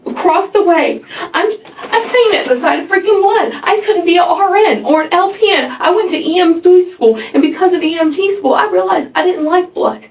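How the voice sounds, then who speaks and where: A woman with a high voice answers questions defensively, pleading her case. The sound is thin and tinny, captured from across an echoey interrogation room. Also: lively intonation, normal speed, recorded from a distance. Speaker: murder suspect. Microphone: room camera from afar.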